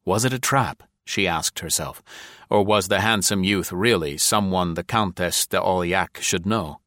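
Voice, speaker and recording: Male narrator, audiobook reading, measured and formal, lowish voice, dry sound. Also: fairly bright tone, no echo.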